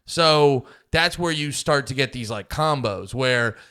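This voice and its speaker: A man co-hosting a movie podcast, arguing his points in an animated, profane, casual way. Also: medium pitch, measured pace, clean tone. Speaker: podcast co-host.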